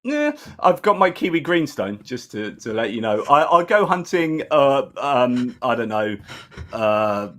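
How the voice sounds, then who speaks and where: Brief: a man guest, middle pitch, rambling anecdote, casual. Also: very animated, measured pace, a bit bright. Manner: chatty storyteller, stumbles and restarts. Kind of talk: casual chat on a live stream.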